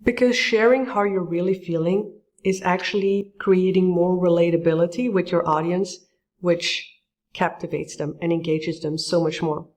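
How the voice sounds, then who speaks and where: A woman coaching public speaking, commenting on clips and acting out example lines with big jumps in her voice. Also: moderate pace. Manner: lively, acts out example phrases with big pitch jumps. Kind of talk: tutorial commentary on video clips.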